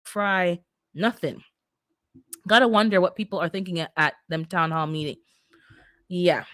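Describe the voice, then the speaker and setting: A middle-aged woman hosts a relaxed livestream and keeps answering her viewers' chat as she talks. Her voice sits a little low for a woman. It is recorded close in a dry room. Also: dry recording. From immigrant to North America. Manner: chatty, talks back to viewers' comments. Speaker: livestream host reading the chat.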